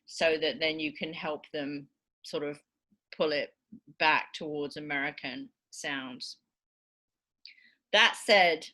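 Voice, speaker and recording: Bright-voiced woman lecturer. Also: fairly low pitch. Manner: explanatory, demonstrates stress patterns aloud. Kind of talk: recorded university lecture.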